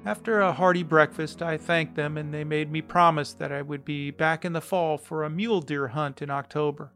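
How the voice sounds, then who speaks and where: A man narrating a story read from a letter, steady and reflective. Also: fairly high pitch, normal speed, soft background music.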